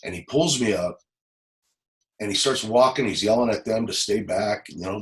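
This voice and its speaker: In an interview, a middle-aged former police officer from Los Angeles tells a personal story, halting, repeating words, and nearly in tears. His voice is fairly low and a bit bright, and the audio is poor.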